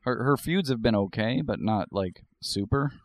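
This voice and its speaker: A man's voice: mid-range voice, lively intonation, moderate pace, dry recording. A man co-hosting a casual podcast, laid-back with dry remarks. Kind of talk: casual chat.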